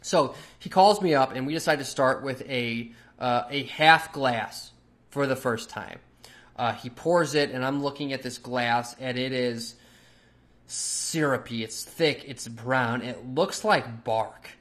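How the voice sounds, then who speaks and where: A man's voice: medium pitch, measured pace, a bit bright. Man telling a story on his podcast. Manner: loose, chatty, with frequent fillers and casual swearing. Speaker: podcast host. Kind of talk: casual storytelling monologue.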